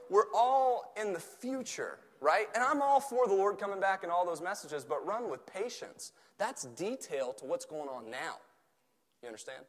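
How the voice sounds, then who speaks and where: A man from Tennessee with a Southern accent, preaching an animated, joking sermon in a church, swelling at times to near shouts. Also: high voice, normal speed. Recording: long hall reverb.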